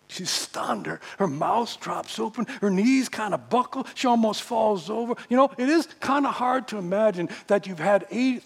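High, creaky-voiced male storyteller. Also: long reverb tail. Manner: animated, repeats words, acts out voices. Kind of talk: storytelling sermon.

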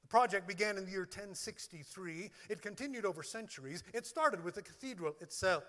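High, lively pastor preaching in a reverberant hall. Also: male voice. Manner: emphatic, lists words one by one. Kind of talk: sermon.

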